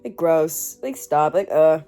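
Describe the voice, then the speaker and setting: A woman's voice: low-pitched, lively intonation, takes it slowly, dark tone, smooth, soft background music. A woman in her twenties reacting to a book in a casual reading vlog, swearing, laughing and shrieking as she reads. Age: 20s. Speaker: book reviewer.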